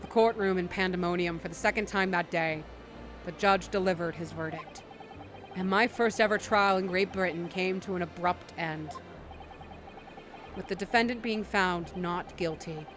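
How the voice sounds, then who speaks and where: A woman voicing an earnest young male lawyer in a lowered, sober voice, with faint game music behind. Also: moderate pace, long pauses, close to an everyday voice. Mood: subdued. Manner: low, subdued, sober reading.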